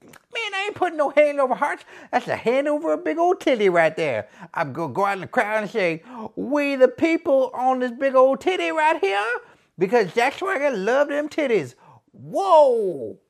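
A man's voice: very high-pitched, very animated, moderate pace, vocal fry, voice pushed up, full character voice. A man voicing a crude, boastful male wrestler who poses as a gangster, talking with swaggering slang in a comedy sketch.

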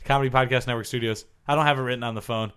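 A young man co-hosting a casual comedy sports podcast, joking with mock-blunt, deadpan jabs. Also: mid-range voice, very fast, smooth. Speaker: podcast co-host.

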